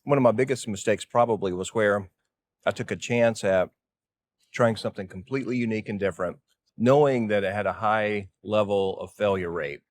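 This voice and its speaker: A middle-aged man speaks with a Southern US accent and a fairly low voice. He chats casually and plainly as a company executive, a little rambling and easygoing. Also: a little fast. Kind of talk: casual on-camera chat.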